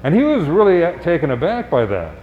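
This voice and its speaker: A man's voice: on the high side, huge pitch swings, narrow, tinny audio, slight background noise. Man giving an upbeat health talk. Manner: conversational and upbeat, with rhetorical questions and quick asides. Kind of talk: live presentation to an audience. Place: public event space.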